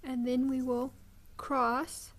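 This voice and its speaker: A woman hosting a beading tutorial, explaining each step patiently with frequent ums and pauses. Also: high-pitched, flat delivery, a little hiss or hum.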